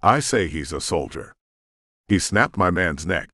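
A man's voice: deep voice, expressive, measured pace, sharp tone, dry recording, heavily acted. Bossy Australian pirate thief barking orders, read by a man, dry audiobook sound. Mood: menacing.

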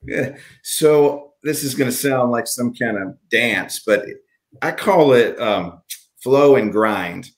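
A man's voice: medium pitch, animated, slow. A man from Alabama with a Southern accent, an author answering interview questions over a video call in a rambling, filler-filled way. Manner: rambling, many fillers and restarts. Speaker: author guest.

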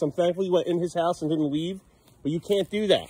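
A man's voice: on the high side, a little fast, warm tone. A man filming his kids at home for a vlog, laughing at them and scolding them in turn. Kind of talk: casual home vlog narration.

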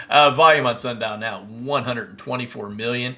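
A man with a Southern American accent hosting a casual live stock-trading stream, reading out ticker prices and answering viewers' chat with bursts of excitement. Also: medium pitch, moderate pace, few pauses. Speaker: stock trading livestream host. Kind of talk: casual live market commentary.

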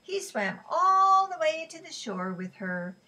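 A man's voice: very high voice, very animated, slow, pushed and bright, pitched above the performer's own voice, exaggerated voice, low-quality recording. A woman voicing a jovial male sailor who teases his friends in formal, careful phrasing. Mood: teasing. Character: jovial teasing male sailor, fond of chess.

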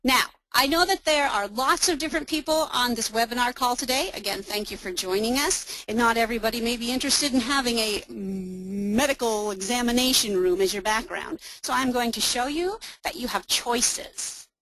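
A woman presenting a webinar, walking listeners step by step through a software demo in an upbeat, explaining manner. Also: fairly high pitch, normal speed, few pauses, dry recording, rough recording.

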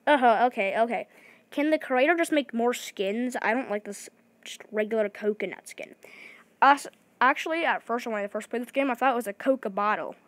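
A woman giving excited gameplay commentary, talking fast and restarting her sentences often. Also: a little high, no echo. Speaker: gaming video creator.

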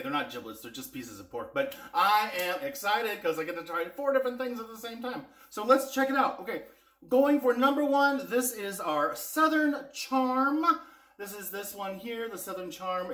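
Man, casual cooking vlog, enthusiastic, slightly high voice, echoey kitchen. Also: fairly bright tone. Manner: chatty and enthusiastic, talks to viewers directly. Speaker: cooking vlogger reviewing spice blends. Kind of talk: casual taste-test vlog.

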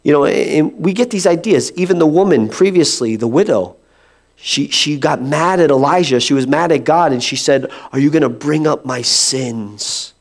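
A male pastor preaching an animated, conversational sermon, slipping into playful mock voices. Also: a little high, moderate pace.

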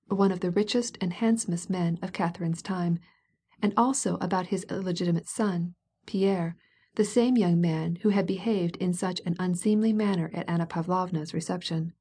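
Woman audiobook narrator, measured classic-novel reading, warm husky tone. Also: fairly low pitch.

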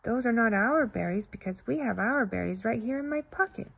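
A kind little boy bear cub who shares everything, gentle and friendly, as a woman reads him. The voice is husky with a gravelly edge. A warm storybook character. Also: on the high side, expressive, fairly quick, exaggerated voice. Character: kind generous young male bear cub.

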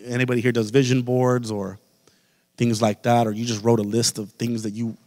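A man's voice: mid-range voice, a little mellow. A man preaches with fervor, calling out directly to the congregation in front of him. His voice sits in an ordinary middle register, and it rings out with the long reverb of a church hall. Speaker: pastor. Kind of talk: sermon. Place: church sanctuary.

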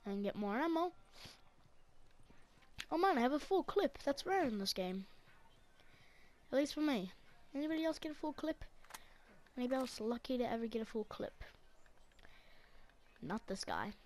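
A woman hosting a gaming channel, giving excitable running commentary to herself and her teammates as she plays. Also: on the high side, normal speed, pauses often, a little hiss or hum. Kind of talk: live gameplay commentary.

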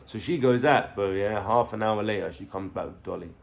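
Low-pitched, fairly quick and edged with vocal fry, a young English vlogger with a London accent tells a rambling story to camera from home. It's profane and slangy, packed with fillers.

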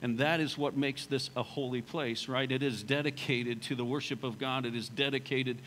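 A man's voice: mid-range voice, fairly even intonation, normal speed, a bit bright, slight background noise, poor audio. A male pastor preaching a sermon in a church sanctuary, talking in a conversational, storytelling way and repeating phrases for emphasis.

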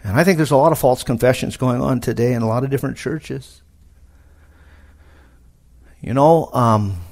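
A middle-aged man preaching a sermon at a conference, animated, with sudden loud emphatic rises. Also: medium pitch. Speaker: pastor. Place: conference hall.

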